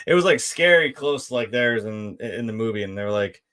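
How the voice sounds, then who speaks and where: A man giving a casual film review, laid-back and rambling, with lots of fillers, swearing and quick laughs. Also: medium pitch, animated, a bit bright.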